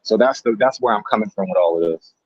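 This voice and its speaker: A man's voice: on the low side, fast talker, breathy edge, dry recording, highs cut off. A man speaking as a guest in a casual live-stream discussion, explaining his ideas earnestly and at length, often repeating words as he goes.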